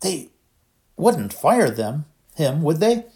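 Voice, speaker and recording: A man's voice: a little high, sing-song, slow pace, a little mellow, pitched above the performer's own voice, full character voice. A man voicing an anxious, bossy schoolgirl, in a slightly raised voice. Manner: anxious and firm.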